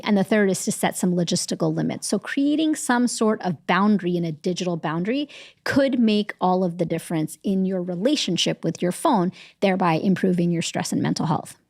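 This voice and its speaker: Woman, medical correspondent, explanatory interview talk, slight vocal fry, dry close mic. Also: medium pitch, no echo. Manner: clear, explanatory, science-based. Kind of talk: expert interview answers.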